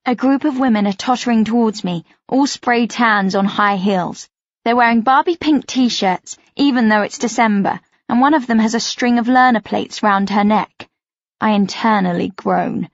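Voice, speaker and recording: A woman's voice: a little high, moderate pace, dry recording, highs cut off. Brief: woman narrator reading a first-person novel expressively, dry close sound. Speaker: audiobook narrator.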